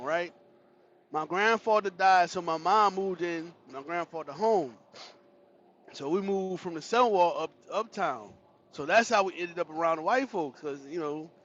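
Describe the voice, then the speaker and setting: This is a high-pitched man on a livestream, casually sharing a funny childhood tale with his chat. He's an animated, profane storyteller who laughs and curses throughout, and the sound is lo-fi.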